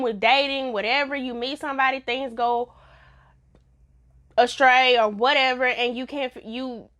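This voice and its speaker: A woman's voice: on the high side, a bit bright. A woman giving a casual, blunt TV review in a vlog, laughing often. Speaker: TV show reviewer.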